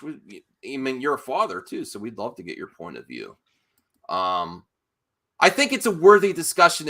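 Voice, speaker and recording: A man's voice: mid-range voice, sharp tone. A man hosting a live stream, chatting casually and earnestly, often stopping and restarting his sentences.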